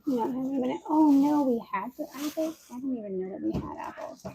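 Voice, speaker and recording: Casual at-home vlogger, a woman chatting through chores, talking to herself and viewers, voice with some fry. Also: sits high, lively intonation, fast, warm tone, slight background noise. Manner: chatty, talks aloud to herself and viewers while working. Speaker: homestead lifestyle vlogger. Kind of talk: casual chat to camera while doing chores. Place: at home, indoors.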